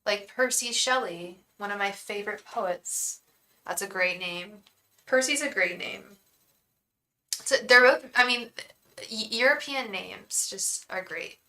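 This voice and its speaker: A young woman hosts a live tarot reading, talking straight to her viewers. Her voice is bright and crisp, and she chats effusively, thanking people by name and looping back over the same phrases as she reads the cards. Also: mid-range voice, takes it slowly, rough recording. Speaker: tarot reader hosting a live stream.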